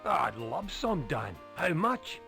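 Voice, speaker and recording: A man with a Scottish accent voicing a blunt, gruff character in a 1990s computer game. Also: a little high, sing-song, slow, bright, forceful tone, soft background music, full character voice. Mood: cheerful.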